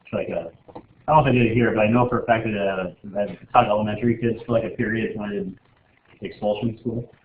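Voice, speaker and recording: A man's voice: on the low side, steady tone, fast talker, a little hiss or hum. A man teaching a chemistry class in a casual, joking way, rambling with lots of filler words. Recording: echoey room over a tinny, phone-like line.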